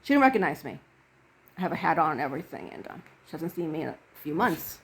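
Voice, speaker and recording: A woman's voice: deep voice, big pitch swings, fast, breathy edge. A woman reverend telling a personal story to camera in an earnest way, acting out the quoted dialogue.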